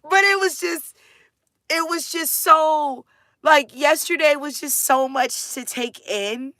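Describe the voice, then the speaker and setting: A woman talking casually with viewers, chatty and animated, laughing often and saying "like" and "dude" a lot. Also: sits high, slow, no room sound, studio quality. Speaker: mother sharing her family life.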